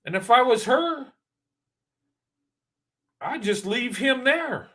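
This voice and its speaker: A man's voice: very high-pitched, expressive, slow pace, pushed and bright. A man hosting a reaction video, giving casual commentary in an emphatic, preachy way and repeating points for stress.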